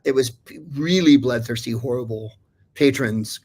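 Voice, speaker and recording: A man's voice: mid-range voice, moderate pace, a little mellow. A man guesting on a livestream talk show, telling long, digressive anecdotes with lots of restarts. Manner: rambling, digressive, many restarts and fillers. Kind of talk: casual chat, storytelling.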